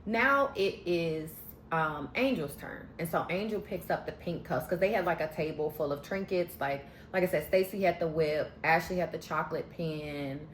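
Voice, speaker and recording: A woman speaks at normal speed in a low-pitched voice, with slight background noise and room echo on the recording. She recaps a reality show in a sassy, slang-filled way and doesn't hold back her honest takes.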